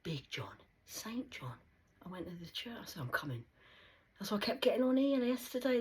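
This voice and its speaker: A woman delivering a rambling, profane monologue as a medium channelling spirit messages, swinging between loud outbursts and hushed whispers. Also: medium pitch, very animated, normal speed. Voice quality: very husky, breathy voice.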